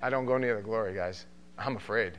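A middle-aged man from New York with a New York accent, teaching a Bible study in a joking, animated way. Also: on the low side, fairly quick, highs cut off. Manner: joking, animated, does mocking voices. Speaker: pastor.

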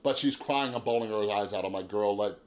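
A man in recovery telling a story to camera in a casual vlog, checking in with "right?" and "okay?" as he goes. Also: fast. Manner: conversational, peppers talk with "like", "right?" and "okay?"; animated storyteller, drops low and quiet for grim moments. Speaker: YouTuber talking about addiction recovery.

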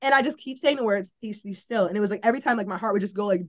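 A woman's voice: medium pitch, rapid-fire. A young woman, a college athlete, telling a personal faith story in a casual, earnest way, often saying "like" and acting out her own past thoughts. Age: young adult. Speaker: college volleyball player, podcast guest.

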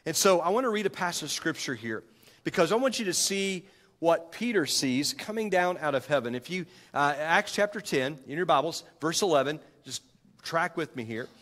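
This preacher's voice runs on the high side, a bit bright and animated, at a moderate pace. Speaking into a handheld microphone in a church sanctuary with long reverb, he addresses his congregation casually, fixing his own wording and asking them questions.

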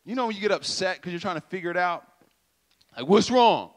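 A man's voice: sits high, rapid-fire, a bit bright. A young man preaching a sermon in a loose, storytelling way, acting out voices and making sound effects. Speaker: youth preacher.

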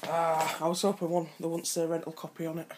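A woman's voice: low-pitched, completely flat delivery, quick pace. A woman, chatting casually through an unboxing video and swearing freely when things go wrong. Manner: swears freely, frustrated complaints. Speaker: vlogger. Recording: loud background noise.

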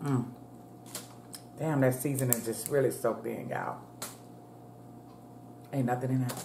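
A woman's voice: rumbling low, steady tone, a little slow, warm tone, a little hiss or hum. A middle-aged woman vlogging as she eats, chatting to viewers between bites and calling them y'all. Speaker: mukbang vlogger. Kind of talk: casual chat while eating. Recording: echoey room.

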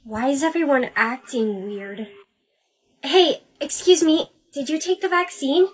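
A synthetic woman's voice reading the lead roles of short POV skits in an even, machine-like way. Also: high-pitched, unhurried, rough recording. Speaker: text-to-speech storyteller. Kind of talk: text-to-speech POV skit narration.

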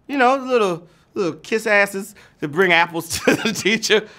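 A man's voice: sits high, expressive, moderate pace, bright, forceful tone. A man hosting a live trivia game show, playful and teasing, calling players "babies" and tossing off little rhymes. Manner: playful, hyped, sing-song with teasing rhymes. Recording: music bed playing under the voice.

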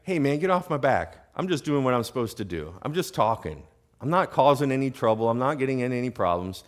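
A man voicing a defensive younger brother who brushes off an accusation in a lower, quieter voice. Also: very animated, fairly quick, lightly acted.

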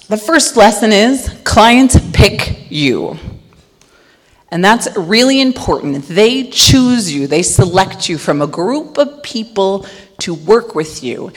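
A middle-aged woman gives a conference talk in a loud, storytelling manner. Her pitch leaps up and down with lively energy. Her voice carries into the long echo of a large hall. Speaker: conference speaker.

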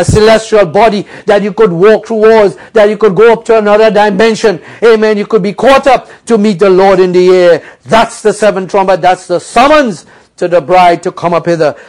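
High-voiced pastor guy preaching hard, amen every other line, goes quiet then cries out loud. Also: normal speed. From United States. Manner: fervent preaching with frequent amens and hallelujahs; swings between soft low passages and high loud cries. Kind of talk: sermon.

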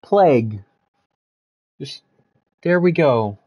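A man's voice: fairly high pitch, animated, normal speed, lo-fi sound. Joking man streaming games. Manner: loose, joking, swears freely. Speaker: game streamer. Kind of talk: casual live-stream chat while gaming.

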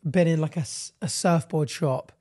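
Young man, higher-pitched voice, animated, casual podcast chat. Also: moderate pace. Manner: animated, mimics voices in anecdotes. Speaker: podcast co-host.

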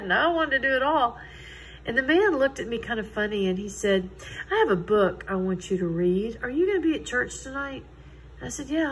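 Speaking in a mid-range, fairly bright voice, a middle-aged woman gives her Christian testimony in a sincere, chatty way, voicing other people's lines as dialogue. The low-quality audio has a little hiss or hum.

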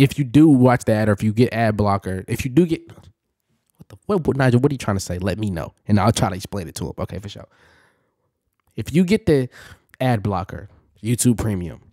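A man's voice: lowish voice, a little mellow, no echo, clean studio sound. A young man hosting a reaction video, rambling casually to his viewers and laughing often.

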